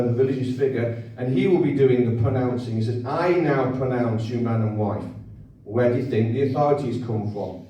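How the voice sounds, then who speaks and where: Heard from a distance in an echoey hall, a mellow, medium-pitched man lectures informally at a public event. He repeats himself conversationally and keeps asking the audience to agree.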